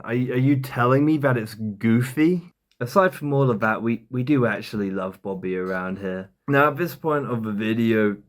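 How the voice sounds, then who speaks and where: A man delivering sarcastic, mocking commentary on a podcast clip for a comedy video. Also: mid-range voice. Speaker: commentary YouTuber.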